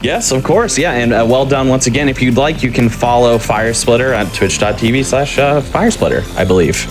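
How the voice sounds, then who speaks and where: Male stream host, mid-pitched, casual and chatty, faint music bed. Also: fairly quick. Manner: upbeat, chatty, plugging schedule. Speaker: show host. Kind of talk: casual livestream hosting.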